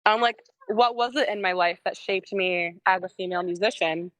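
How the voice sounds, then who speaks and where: A woman's voice: mid-range voice, moderate pace, fairly bright tone, no echo, rough recording. Young female musician guest, chatty and giggly, dry close sound. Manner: rambling, heavy use of "like", laughs often. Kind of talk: casual podcast chat.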